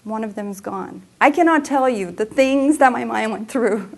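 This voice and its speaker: A woman's voice: on the high side, moderate pace. A woman coach giving a presentation talk, telling personal stories in an earnest way. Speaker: emotional health coach. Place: center for women presentation room.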